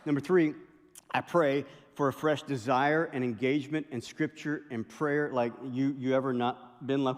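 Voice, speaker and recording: A middle-aged male pastor preaching a sermon, telling stories in a lively way with impressions and asides. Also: medium pitch, quick pace. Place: large chapel hall. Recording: long chapel reverb.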